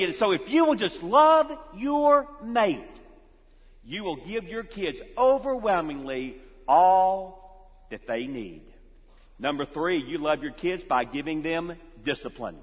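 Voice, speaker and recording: A man's voice: high-pitched, expressive, a little slow. A male pastor preaching a sermon emphatically, repeating key lines for effect. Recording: reverberant hall, dull lo-fi sound.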